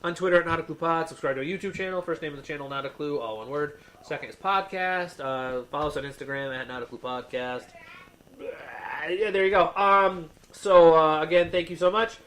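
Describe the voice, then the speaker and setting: A man's voice: fairly high pitch, a little fast, fairly bright tone, low-quality recording. A man co-hosting a podcast in casual chat, rambling with many fillers and restarts. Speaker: podcast co-host.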